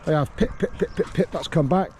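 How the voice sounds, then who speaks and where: On a small grass field, a calm man teaches dog training, explaining each step steadily and matter-of-factly while barking sharp commands at a dog. His voice is mellow, a touch higher than most men's, and brisk. Faint outdoor noise hums in the background.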